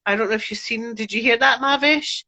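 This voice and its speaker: A woman's voice: on the high side, fairly quick, sharp tone. A Scottish woman from Glasgow speaking earnestly and reflectively in casual conversation as a podcast guest. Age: adult parent. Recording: dull lo-fi sound.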